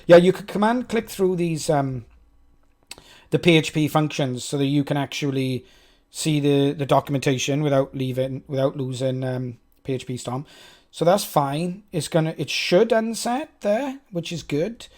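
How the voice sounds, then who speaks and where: A man with a Welsh accent, talking through his code on a live stream. His voice sits a touch high, and he chats with his viewers in a loose, self-mocking way. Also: normal speed, a little mellow. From Wales. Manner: chatty, self-mocking, talks to chat. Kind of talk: thinking aloud while coding live.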